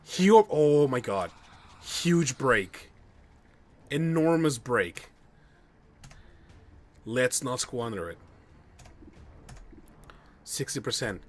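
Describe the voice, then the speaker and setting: A man streaming a game live, commenting excitedly and swearing at bad luck. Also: medium pitch, very slow, long pauses. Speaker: gamer streaming a playthrough.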